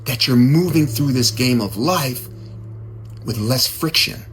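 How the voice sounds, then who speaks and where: A man giving a casual, conversational sermon, animated and given to repeating his words. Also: medium pitch, measured pace, faint music behind. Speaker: speaker.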